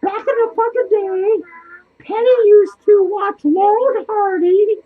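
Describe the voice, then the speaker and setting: Casting: lonely, manic, foul-mouthed clown, squeaky and very high, in a muffled lo-fi home recording. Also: male voice, a little slow. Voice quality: squeaky, swears constantly, laughs wildly. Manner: excitable, rambling, loses his train of thought. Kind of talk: comedic character monologue. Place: small cluttered home studio indoors.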